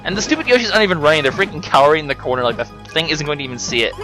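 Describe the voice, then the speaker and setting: A man's voice: fairly high pitch, sing-song, very fast. A young man giving casual, sarcastic commentary over a video game playthrough. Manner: sarcastic, mocking, joking asides. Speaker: let's play commentator. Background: game music.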